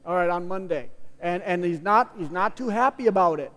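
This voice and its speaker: Male pastor, high voice, casual conversational sermon delivery, long reverb of a big room. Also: lively intonation, brisk, a bit bright. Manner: casual, conversational teaching with frequent restarts and playful asides.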